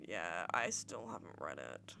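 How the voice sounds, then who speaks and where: A woman's voice: very deep voice, very animated, measured pace, gravelly, sharp tone, soft background music. A young Australian woman chatting casually on a livestream, answering viewer questions in a rambling way and acting out little exchanges with her friends.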